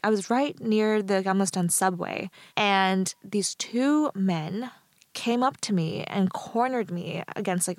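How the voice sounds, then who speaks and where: A young woman recounts events to an interviewer in a relaxed, rambling way, full of fillers. Her voice sits at an ordinary middle pitch. The sound is dry and close. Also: no echo. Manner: casual storytelling with many fillers. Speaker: interview guest. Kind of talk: conversational interview answers. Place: living in Stockholm.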